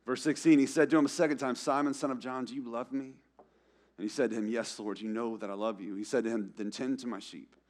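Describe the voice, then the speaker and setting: A young man preaching a sermon in a church, casual and conversational, acting out quotes with slang and swinging between loud emphatic lines and hushed ones. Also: medium pitch. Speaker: pastor.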